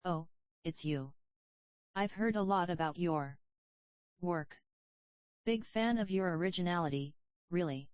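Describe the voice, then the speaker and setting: A woman's voice: fairly low pitch, a little slow, pauses often, no echo, close to an everyday voice. A woman voicing an earnest, thoughtful cubehead heroine in a storybook reading, on a dull, dry lo-fi recording. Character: soft-spoken blue cubehead heroine, young woman, earnest.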